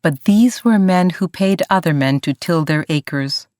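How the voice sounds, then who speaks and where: An audiobook narrator reading a historical story in an even, measured way. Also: mid-range voice, no echo, studio quality. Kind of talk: scripted narration.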